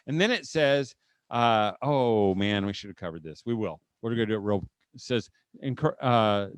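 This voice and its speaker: At a homeschool conference, a middle-aged man with a mid-range voice gives a live seminar talk to an audience, telling humorous stories with quick asides and frequently restarting sentences. He closes by leading a prayer, and there's no room sound.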